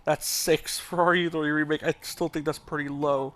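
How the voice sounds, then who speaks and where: A man's voice: a little high, flat delivery, moderate pace, a bit bright, slight background noise. A man hosting a let's play, rambling casually and thinking aloud, with the odd swear. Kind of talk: rambling gameplay commentary.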